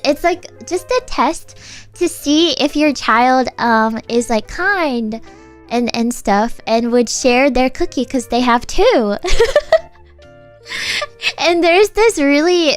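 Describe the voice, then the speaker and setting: Giggly high-voiced woman streamer. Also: animated, slow, soft background music. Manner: giggly, laughs often between sentences; rambling storytelling with many fillers. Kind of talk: casual chat on a livestream.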